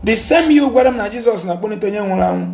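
A man's voice: sits high, lively intonation, very fast, vocal fry, a little mellow, soft background music. A Nigerian man with an Igbo accent, ranting and scolding in a heated social media monologue, mixing Igbo and English and repeating his points. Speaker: commentator.

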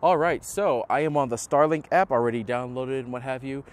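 Young male DIY host, mid pitch, casual and unhurried, recorded outdoors on a roof. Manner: relaxed, filler-heavy explaining. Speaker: host of a setup tutorial. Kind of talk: casual how-to demonstration.

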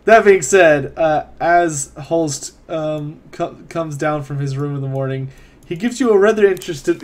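A man narrating as game master of a tabletop role-playing game, hesitant with frequent ums. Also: a little high. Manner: hesitant, with many ums and laughs.

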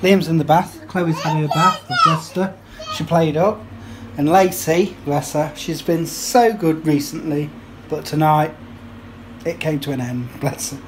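A cheerful family vlogger in his thirties, fairly high-pitched and measured in pace, chats to camera through a family evening, laughing often and going sing-song with the kids. He seems to be filming himself at home on a handheld camera, and the noisy recording carries a steady hiss with kitchen clatter behind him.

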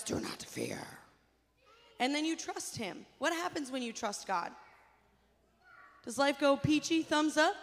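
A woman leading a children's chapel talk, calling on kids by name and coaxing them to repeat lines back to her. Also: high voice. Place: school chapel or church hall. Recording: hall reverb.

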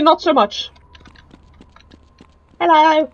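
A woman's voice: on the high side, expressive, normal speed. A woman giving chatty, joking commentary while she plays a game. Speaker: let's play gamer. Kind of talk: casual gaming commentary. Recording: dull lo-fi mic with faint noise.

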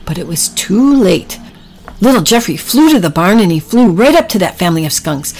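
A woman narrating a children's story with gentle, drawn-out emphasis. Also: fairly low pitch, low-quality recording.

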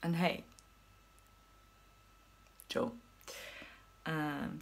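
Woman, German accent, lowish voice, husky, rambling vlog chat, giggly whispered asides. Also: moderate pace. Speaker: vlogger.

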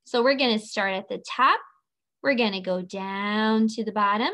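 A woman's voice: mid-range voice, moderate pace, sharp tone. A woman teacher giving a children's phonics and handwriting lesson, patient and sing-song, drawing out each letter sound.

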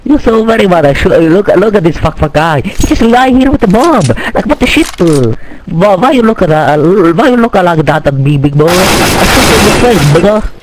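A man's voice: sits high, expressive, fairly quick, a little hiss or hum, poor audio. A young man voicing a taunting male gamer troll who swears in broken English, with game gunfire behind him. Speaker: online game player. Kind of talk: trash-talking in game voice chat.

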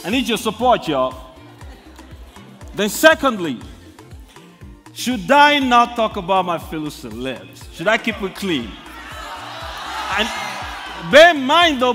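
A man's voice: high voice, sharp tone. A man doing stand-up comedy on an awards show stage, playfully teasing the crowd. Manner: playful, teasing threats to roast celebrities. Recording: reverberant hall.

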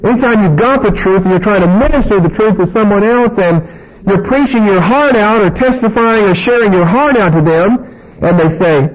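A man with a high-pitched voice delivers a sermon. He preaches with strong emphasis, reads scripture aloud and puts on the voices of the people in the passage. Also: moderate pace, poor audio. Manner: emphatic preaching with scripture reading and acted-out dialogue.

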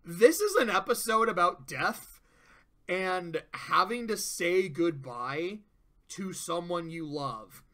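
A man giving casual, profane commentary on a cartoon, ranking its episodes and acting out the characters' lines in quick voices. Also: high-pitched, animated, fairly bright tone. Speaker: show reviewer. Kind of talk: casual tier-list commentary.

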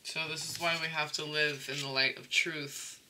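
A man's voice: a little high, flat delivery, moderate pace, heavy background noise. A man giving a casual tarot reading, rambling and often checking in with the listener. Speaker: tarot reader.

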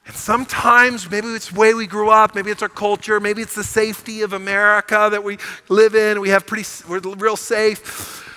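A man's voice: high-pitched, little pitch movement, normal speed, bright, forceful tone, clean tone, rough recording. A middle-aged man preaching a sermon as pastor, telling a story with animation and building to emphatic proclamations. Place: church sanctuary.

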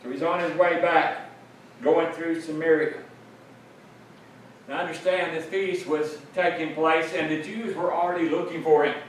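A man's voice: on the high side, steady tone, moderate pace. A man preaching a sermon, explaining a passage earnestly and repeating phrases for emphasis. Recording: very echoey room, mic at a distance, faint noise.

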